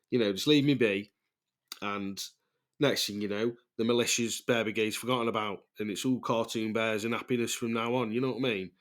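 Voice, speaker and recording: A middle-aged man with an English accent hosting a podcast in a casual, rambling way, swearing freely and laughing often. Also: medium pitch. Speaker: podcast host.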